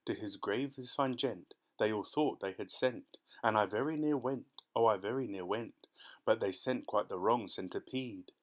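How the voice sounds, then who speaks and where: A man doing a giddy, high-pitched centipede. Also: normal speed, close to an everyday voice. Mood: gleeful. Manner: gleeful sing-song boasting. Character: excitable boastful male centipede.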